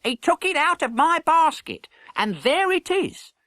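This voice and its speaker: A man voicing an indignant market woman with a shrill, accusing voice. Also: big pitch swings, a little slow, pushed and bright, dry recording, clean studio sound, exaggerated voice.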